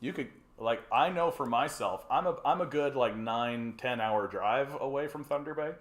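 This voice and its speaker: Medium in pitch and normal in speed, this man from Canada runs a laid-back call-in livestream in a reverberant room. His delivery is rambling, profane and jokey, packed with fillers and restarts.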